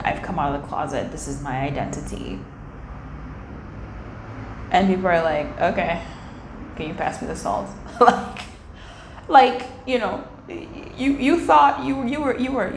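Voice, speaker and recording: A young woman talks through a tarot reading in a loose, slangy, animated way, often acting out what people say. Her voice sits at an everyday middle pitch. The room is echoey, with a faint hum of ambience behind her. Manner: chatty, animated, slangy, acts out little quoted voices. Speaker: tarot reader. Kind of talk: casual tarot reading monologue. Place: indoor room by a window.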